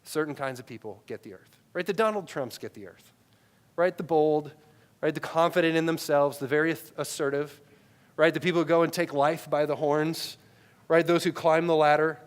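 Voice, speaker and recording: A pastor in his thirties preaches into a headset mic, his smooth voice a little high for a man and at normal speed. He speaks conversationally to the congregation, tagging many lines with "right?", and swings between loud, emphatic peaks and quiet, low asides.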